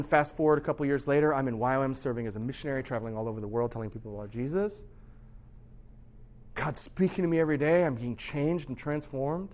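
A young adult man preaching a sermon to a youth group as their pastor. He moves between hushed, low stretches and loud, intense ones, and acts out quoted thoughts by repeating them.

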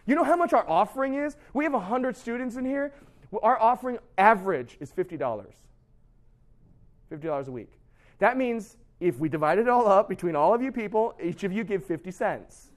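Young guy youth pastor preaching, high voice, chatty, acts out kids' excuses. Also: moderate pace. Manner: conversational and animated, acts out students' excuses. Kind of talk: youth sermon.

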